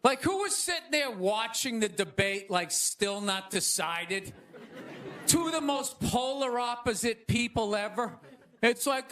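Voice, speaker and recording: A man doing a stand-up comedy monologue on stage, with a loud, ranting delivery that jumps into high mocking voices. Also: lively intonation, measured pace. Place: comedy stage before a laughing audience. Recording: live show with crowd noise. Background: audience laughter.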